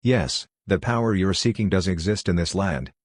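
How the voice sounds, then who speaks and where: A calm, solemn spirit guardian of an ancient land speaks in a low voice, as a man narrator reads him. The sound is dry and close. This comes from a fantasy audiobook. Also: moderate pace, no echo. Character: ancient calm phantom guardian, male, sorrowful.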